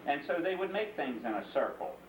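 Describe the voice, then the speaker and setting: A man's voice: a little high, fairly quick, noisy background. Patient man telling a story in an echoey room. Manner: patient, calm, asks the listener to join in. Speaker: interviewee and storyteller. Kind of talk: teaching a child, storytelling. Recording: echoey room, mic at a distance.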